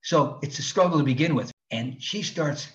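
A stand-up comedian from New Jersey, whose voice sits on the high side at a normal speed, shares stories from his shows in a casual podcast chat. He's an animated storyteller who acts out the scenes and laughs along. The recording has a slightly dull, lo-fi quality.

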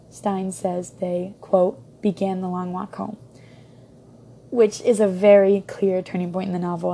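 A woman's voice: medium pitch, gravelly, mellow, slight background noise. A young woman giving a casual book review, rambling with many ums and restarts.

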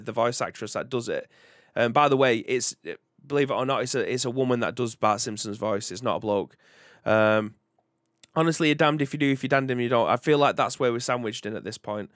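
A British podcast host with a young son chats in a rambling, casual live-stream style about video games and reads out viewer comments. His mid-range voice is a bit bright, captured as clean studio sound with no echo.

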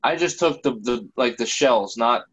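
A man's voice: medium pitch, lively intonation, normal speed, fairly bright tone, lo-fi sound, slight background noise. A man in casual conversation, chuckling and chiming in with quips while recalling army days. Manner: jokey, chuckling, chimes in with quips. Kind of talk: casual chat.

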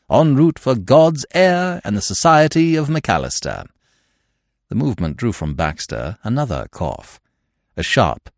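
Male audiobook narrator, wry and expressive, animated delivery, dry studio sound. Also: on the low side, gravelly, dry recording.

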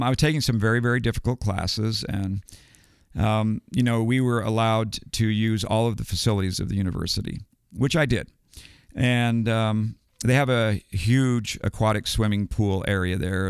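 A man's voice: lowish voice, vocal fry, smooth, no room sound, studio quality. An older man, a guest and retired educator, telling a story casually with many ums and restarts. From United States.

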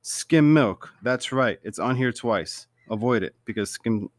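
Animated man recapping a show, dry sound. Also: medium pitch, a little slow, no echo. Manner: animated, laughs often, acts out quotes. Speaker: TV show reviewer. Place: at home.

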